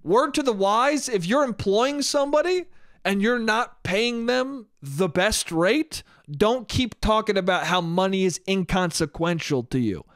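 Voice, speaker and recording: A high-voiced man rants through a story on his solo podcast, swearing freely and sounding exasperated. The recording is close and dry, with no room sound around him. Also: expressive, measured pace, fairly bright tone, no echo. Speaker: podcast host. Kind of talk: casual solo podcast monologue. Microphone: podcast microphone.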